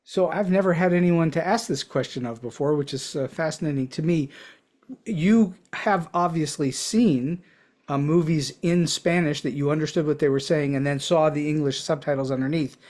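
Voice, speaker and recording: A man's voice: fairly high pitch, normal speed, a little mellow. Curious man asking interview questions. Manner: curious, asks thoughtful probing questions. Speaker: podcast host.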